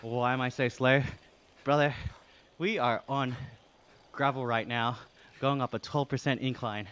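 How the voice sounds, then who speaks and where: An Australian man live-streams while cycling on an indoor trainer, reading chat aloud and thanking viewers. His mid-range voice is steady and fairly bright, a little slow, and breathy from the exertion.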